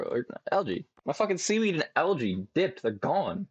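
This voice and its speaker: A man's voice: on the high side, sing-song, normal speed, hardly any pauses, breathy edge, no room sound, highs cut off. A young man streaming a farming game, chatting casually and rambling to himself with lots of swearing. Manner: profane, rambling, talks to himself. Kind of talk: casual gameplay commentary. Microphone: desk mic with webcam.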